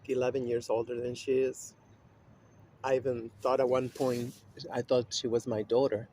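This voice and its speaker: Man, mid-range pitch, casual vlog monologue, rambling, profane, faint room noise. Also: a little mellow. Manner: rambling, profane, with frequent fillers and laughs. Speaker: vlogger.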